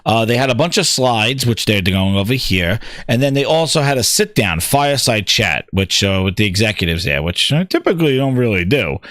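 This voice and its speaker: A man hosting a gaming show, ranting with constant swearing and excited repetition. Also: mid-range voice, brisk, few pauses, dry recording, clean studio sound. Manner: excitable, swears heavily, repeats himself. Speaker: podcast host. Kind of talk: profane ranting gaming commentary.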